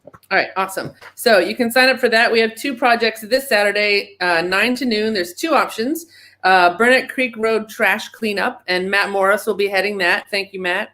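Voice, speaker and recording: A woman announcing club events in a casual meeting over a video call, quick and upbeat with a joking touch. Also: mid-range voice, pushed and bright. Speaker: events presenter.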